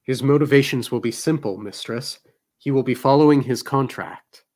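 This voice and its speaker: Man reading as a male wolfhound servant, formal, submissive, flat, mid pitch. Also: normal speed, close to an everyday voice. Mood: dutiful.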